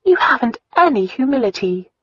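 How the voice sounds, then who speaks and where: A woman's voice: fairly high pitch, very animated, normal speed, husky, no room sound, muffled recording, pitched above the performer's own voice. A woman reading an audiobook, voicing an earnest, defiant young noblewoman who pleads and bristles by turns. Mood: indignant. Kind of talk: audiobook dialogue.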